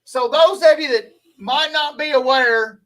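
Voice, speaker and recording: A man's voice: very high-pitched, unhurried, fairly bright tone, recorded from a distance, low-quality recording. A man from Louisiana with a Southern accent, chatting folksily with viewers on a live stream, rambling and laughing easily.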